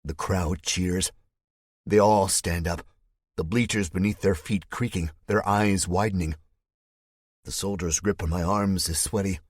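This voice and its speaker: A man with a low, husky voice narrates an audiobook in the first person. His delivery is tense and measured, recorded dry and close with no room sound. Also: steady tone, dry recording.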